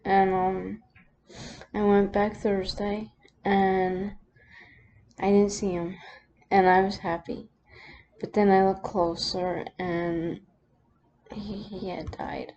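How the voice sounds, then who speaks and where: A woman vlogger telling a personal story, close to tears, halting with many pauses and restarts. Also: mid-range voice, flat delivery, a little mellow, lo-fi sound, a little hiss or hum.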